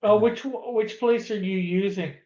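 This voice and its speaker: A man's voice: high voice, a little slow, dark tone, dull audio. A man chatting casually on a stream, hesitant and full of restarts and "you know"s. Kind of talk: casual chat.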